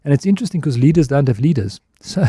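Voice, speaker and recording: A man's voice: fairly high pitch, expressive, fast, dark tone, slightly rough, no echo, clean studio sound. A man speaking as a guest on a radio interview, talking in a reflective, candid way and often restarting his phrases. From South Africa. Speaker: guest, advertising executive. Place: radio studio. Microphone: studio microphone.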